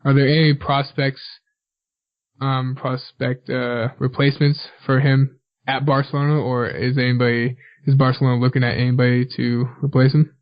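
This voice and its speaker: A man's voice: mid-range voice, little pitch movement, moderate pace. A man hosting a football podcast, steering the casual chat with questions and fillers. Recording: dull lo-fi podcast audio.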